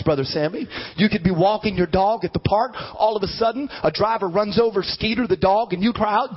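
A man in his thirties preaching a sermon in a church, animated and building to shouted emphasis. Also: sits high, brisk, hardly any pauses, slightly rough. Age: 30s. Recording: dull lo-fi sound.

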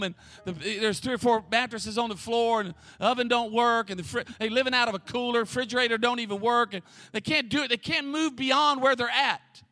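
Fervent high-voiced male pastor preaching. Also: no echo. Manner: fervent, shouting, repeats words in rapid bursts. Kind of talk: energetic preaching sermon. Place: church service.

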